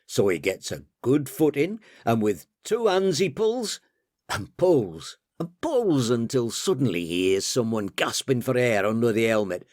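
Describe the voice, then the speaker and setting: A man's voice: medium pitch, big pitch swings, measured pace, a little mellow, no echo, clean studio sound. A man voicing a jolly male dinner host who tells a long war joke at the table. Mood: jovial.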